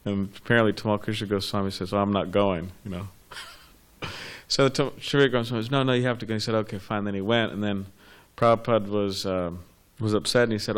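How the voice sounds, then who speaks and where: Low-voiced man telling a rambling story. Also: steady tone, fairly quick, clean tone. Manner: rambling with fillers and restarts. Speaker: class participant. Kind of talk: casual storytelling.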